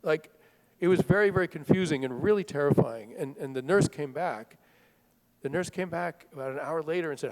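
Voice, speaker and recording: A middle-aged man telling a personal story to a live audience, talking in a conversational, halting way with fillers and restarts. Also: mid-range voice. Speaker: author speaking at a book festival. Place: large hall at a live event. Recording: long reverb of a large hall.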